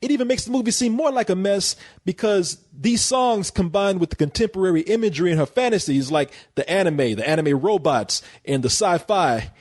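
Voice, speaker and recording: A man's voice: high-pitched, lively intonation, brisk, few pauses, a little mellow. A man reviewing a film in casual chat, laughing often and stumbling over false starts. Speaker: movie reviewer.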